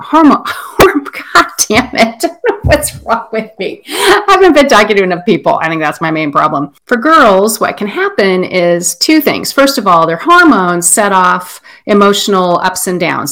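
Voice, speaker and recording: A woman's voice: mid-range voice, a bit bright. Chatty woman explaining parenting. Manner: chatty, self-correcting, laughs at her own slips. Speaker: parenting expert guest. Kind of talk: conversational explanation.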